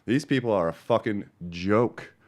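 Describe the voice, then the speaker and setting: Middle-aged guy hosting a weed seed show, lowish voice, swears nonstop, casual. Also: unhurried. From Denver, Colorado. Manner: profane, angry ranting that turns calm and chatty. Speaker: host of a cannabis seed business show. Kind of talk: casual ranting livestream talk.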